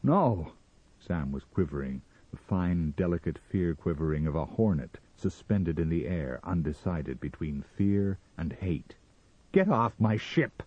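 A man narrating a story in a measured, expressive dramatic reading, on a slightly muffled recording. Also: a bass voice, slightly rough.

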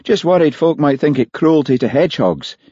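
A man voicing an affable, playful gentleman with a genial manner. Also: a little high, lively intonation, brisk, husky, no echo, dull audio, pitched above the performer's own voice. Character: affable, teasing older gentleman.

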